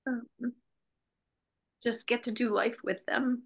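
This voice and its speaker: A woman's voice: on the high side, fairly even intonation, slow pace, creaky. A woman in her fifties from New Jersey, a podcast guest speaking reflectively and heartfelt in a casual chat. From United States (New Jersey). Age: 50s.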